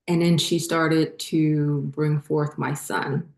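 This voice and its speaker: A middle-aged woman hosting her own channel, telling her spiritual story in a halting, emotional way that chokes up at times. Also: low voice, flat delivery, gravelly, darkish tone. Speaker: channel host. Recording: roomy echo.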